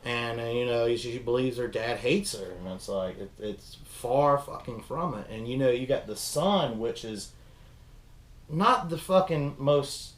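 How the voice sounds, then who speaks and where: A man's voice: mid-range voice, unhurried, reverberant. A young man casually chatting as a film review host, rambling and swearing as he retells scenes. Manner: rambling, profane, animated retelling. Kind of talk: casual chat.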